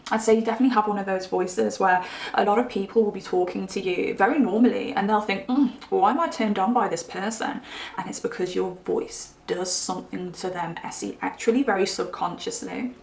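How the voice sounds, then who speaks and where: A woman's voice: mid-range voice, fairly quick, vocal fry, a little hiss or hum. A woman giving a chatty pick-a-card tarot reading, musing aloud with frequent asides. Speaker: tarot reader. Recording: roomy echo.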